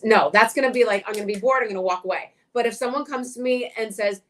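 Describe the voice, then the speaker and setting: A woman's voice: fairly high pitch, quick pace, few pauses. Frank, outspoken middle-aged woman. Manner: direct, frank, swears, animated when quoting. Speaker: interview guest, coach. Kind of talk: casual interview chat.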